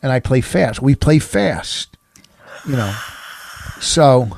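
A man's voice: medium pitch, lively intonation, takes it slowly, gravelly, darkish tone. A middle-aged man chatting casually as a podcast co-host, rambling through a story with many restarts and fillers. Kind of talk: casual chat.

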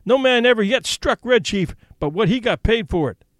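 A man's voice: high voice, expressive, normal speed, no room sound, clean studio sound, pitched above the performer's own voice. A man voicing a defiant, bratty ten-year-old boy who boasts and threatens. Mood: threatening.

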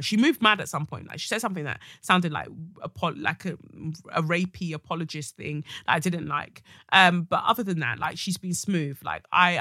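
Woman, podcast host, bright edgy tone, dry close sound, blunt and sweary. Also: fairly low pitch, no room sound. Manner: outspoken, blunt and sweary, with bursts of loud emphasis. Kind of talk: casual solo podcast monologue.

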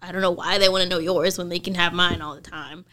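Playful young woman with bright voice. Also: fairly low pitch, steady tone, quick pace. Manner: playful, teasing. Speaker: podcast co-host. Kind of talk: casual chat.

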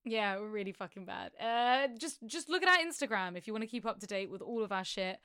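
A woman's voice: medium pitch, fast talker, bright, forceful tone, clear, resonant tone, dry recording, studio quality. A woman co-hosting a podcast in casual chat, giggly and easily flustered. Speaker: podcast co-host.

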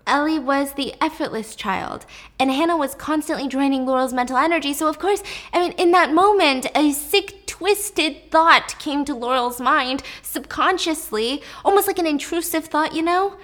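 A woman's voice: high-pitched, moderate pace, a bit bright. A woman telling a true story in a casual, chatty way, swearing offhand and talking straight to the listener.

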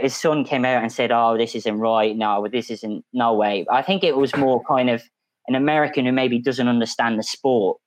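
A man's voice: mid-range voice, no echo, low-quality recording. A man on a football podcast panel telling a long story in a casual, chatty way with frequent restarts. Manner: storytelling, animated, many restarts.

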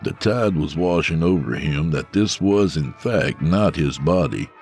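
A man narrating a scripted story in a dramatic, measured way. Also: rumbling low, animated, darkish tone, faint music behind.

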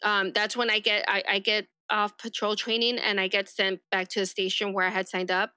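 A young woman from East Los Angeles, a sheriff's deputy, tells her story casually in an interview, rambling, saying "like" constantly, and acting out quoted remarks. Her mid-range voice is pushed and bright yet clean, with a flat delivery at a moderate pace. The recording is dry, with clean studio sound.

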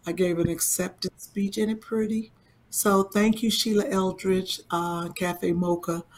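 A woman co-hosting a talk show, chatting in a relaxed way with many fillers. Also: fairly low pitch, unhurried. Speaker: co-host. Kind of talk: casual chat.

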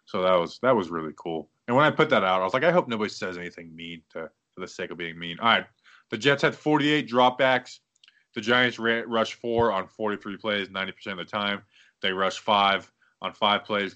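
A man hosting a casual football talk show, breaking down stats and then ranting with lots of fillers. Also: lowish voice. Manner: animated, ranting with many fillers. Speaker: football podcast host. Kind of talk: casual sports commentary.

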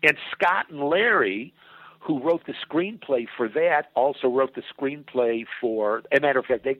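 An older man tells a long showbiz story down a tinny phone line, his voice husky and dry. He swears freely and acts out other people's lines, his pitch swinging widely as he goes. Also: animated, normal speed, no echo. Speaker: comedy writer and producer, guest. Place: at home. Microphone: telephone.

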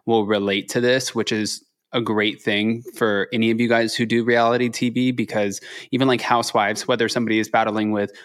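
A man's voice: lowish voice, level tone, brisk, few pauses. A man guesting on a podcast, talking bluntly and animatedly as he retells conversations. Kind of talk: casual chat.

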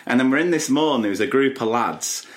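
A man's voice: medium pitch, animated, quick pace. A man co-hosting a casual podcast, chatty and nostalgic, who laughs along with his co-host. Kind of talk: casual chat.

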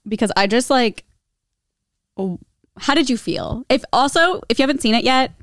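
A woman's voice: fairly high pitch, lively intonation, normal speed, no echo, clean studio sound. A young woman co-hosting a podcast in casual chat, rambling with many fillers. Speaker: podcast co-host.

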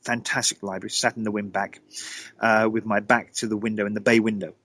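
A man, a guest telling an eerie personal story in a lively, dramatic way. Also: a little fast, no room sound, low-quality recording. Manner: lively, dramatic storyteller with sudden pitch jumps. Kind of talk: animated anecdotal storytelling.

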